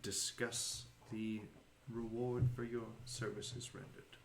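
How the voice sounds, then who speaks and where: A courteous gnome cleric, voiced by a man game master speaks slowly and formally in a low, soft voice. The tabletop game's figure sounds gracious and unhurried. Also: flat delivery, gravelly, slight background noise. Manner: measured, formal speech.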